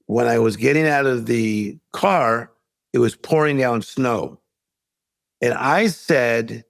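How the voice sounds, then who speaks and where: A man's voice: mid-range voice, vocal fry, no echo. A middle-aged man, a life coach guest, telling a story in an interview and acting out the voices of the people in it. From United States.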